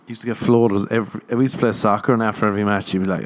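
A man's voice: on the low side, fast talker. A young man, a comedian hosting a podcast, telling rambling self-mocking stories in a casual monologue and laughing at his own jokes. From Ireland. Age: young adult.

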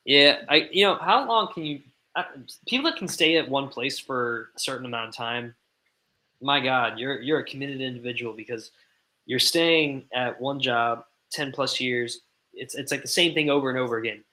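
Bright-voiced man explaining sports takes. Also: medium pitch, normal speed, poor audio. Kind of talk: casual sports chat.

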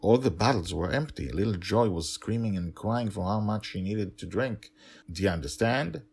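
A man voicing a stereotypical Irish nanny with an Irish accent, gentle but firm, who speaks softly and insists without raising her voice. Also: on the low side, normal speed, gravelly, husky, pitched above the performer's own voice. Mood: pleading.

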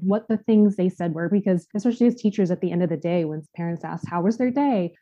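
A woman school director co-hosting a podcast, explaining in a steady way. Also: fairly low pitch. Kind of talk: conversational podcast interview. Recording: dull lo-fi recording.

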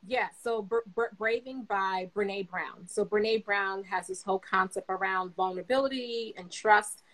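A young adult woman talks through advice in a loose, easygoing manner, often pausing with fillers. Her voice sits at a middle pitch for a woman, and she sounds like a guest on a casual chat show. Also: rough recording. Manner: relaxed, conversational, many fillers. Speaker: guest therapist.

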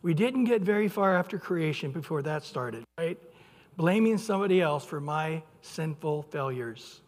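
High-voiced male pastor preaching in a hall. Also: moderate pace. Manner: lively delivery, acting out quotes with shifting loudness. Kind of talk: sermon.

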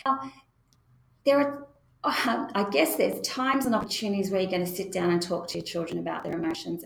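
A parenting educator speaks directly to parents in a reassuring spoken lesson. Her voice is medium-pitched and creaky, and the room is echoey.

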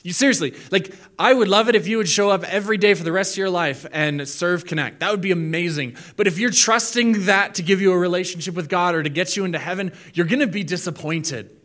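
A man's voice: high-pitched, fast, hardly any pauses, fairly bright tone. A young man preaching a sermon in a casual, jokey way, acting out the quotes he reads. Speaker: pastor.

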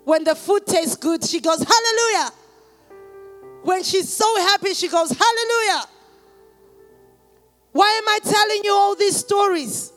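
A woman preacher, perhaps in her thirties, giving a sermon that moves from quiet personal testimony to shouted calls to the congregation. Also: extremely high pitch, moderate pace, hardly any pauses, soft background music.

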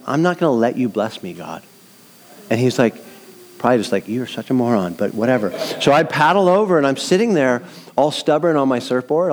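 Male preacher, middle-aged, animated storytelling, plays out the voices in his tale. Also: mid-range voice. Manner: animated storytelling, acts out quotes. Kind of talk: sermon with personal story.

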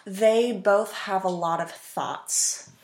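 A woman's voice: mid-range voice, slow pace, a little mellow, a little hiss or hum. A woman in her twenties, a runner guest on a podcast, chatting casually and rambling with many ums and restarts. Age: 20s. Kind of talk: casual interview chat.

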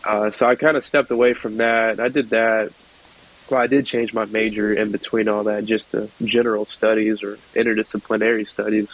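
A young man from the American South, a podcast guest telling a story in a relaxed chatty way and laughing often. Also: on the low side, moderate pace, low-quality recording. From South Georgia, United States. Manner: chatty, laughs often, acts out voices in his stories. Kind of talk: casual storytelling.

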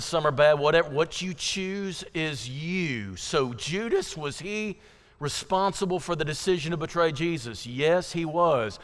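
An American man preaching a sermon as pastor, swinging from loud, rising passion to low, intimate appeals. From United States. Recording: hall reverb.

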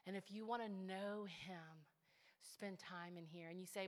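A woman pastor preaching a sermon in a large church. She swings from hushed, intimate asides to rising, building exhortation. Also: mid-range voice, steady tone, measured pace. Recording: long church hall reverb.

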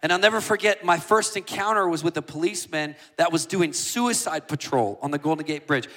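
A man preaching a passionate sermon as a guest speaker, building from quiet asides up to shouting. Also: on the high side, lively intonation, a little fast. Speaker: guest preacher and worship leader.

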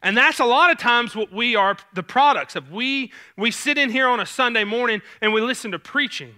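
Southern male youth pastor, easygoing sermon delivery, higher-pitched with a crisp bright tone. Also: brisk. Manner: casual, conversational preaching with many fillers. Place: church sanctuary stage.

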